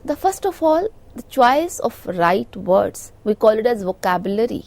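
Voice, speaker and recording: A woman's voice: a little high, very animated, unhurried, vocal fry, darkish tone, no echo. A middle-aged woman with an Indian English accent giving a recorded lecture, explaining points with frequent "you know" fillers.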